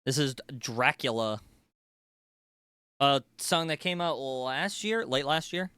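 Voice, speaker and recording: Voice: medium pitch, animated, slow, pauses often, pushed and bright, smooth, no room sound, studio quality. A streamer chatting casually and playfully during a live build, swearing freely and rambling to the audience. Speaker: livestreamer. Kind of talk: casual livestream chat while building.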